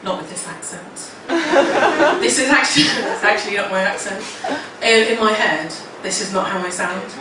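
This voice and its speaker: A woman's voice: mid-range voice, normal speed, distant mic. Swearing woman doing stand-up, heard from afar. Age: 30s. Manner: swearing, rambling, self-mocking delivery. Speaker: stand-up comedian. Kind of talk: stand-up comedy set. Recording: echoey room from afar, loud crowd. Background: laughing audience, noise.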